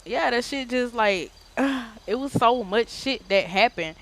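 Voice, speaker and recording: A woman streamer telling a casual story time in an animated, slangy, profane way. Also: a little high, slow.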